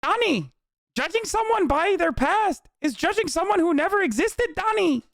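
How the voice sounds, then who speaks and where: A man doing a voice for a male sage figure who recites a maxim slowly in a high, strained tone. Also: lively intonation, gravelly, a bit bright, dry recording, clean studio sound, full character voice. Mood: solemn. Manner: slow, high, strained delivery.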